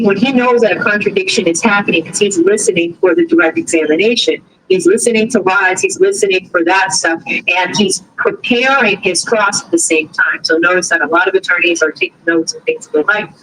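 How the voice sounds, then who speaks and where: A woman's voice: mid-range voice, brisk, hardly any pauses, fairly bright tone, rough recording. A woman from Boston with a Boston accent, hosting a livestream in a chatty, rambling style full of fillers and restarts. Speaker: livestream host. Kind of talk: casual livestream commentary.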